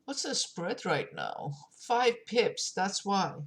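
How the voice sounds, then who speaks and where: Slow, pausing woman trader thinking aloud. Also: mid-range voice, huge pitch swings. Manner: talks to herself while clicking through charts, with many pauses and fillers. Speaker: forex trader streaming her trades. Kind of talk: live screen-share trading commentary.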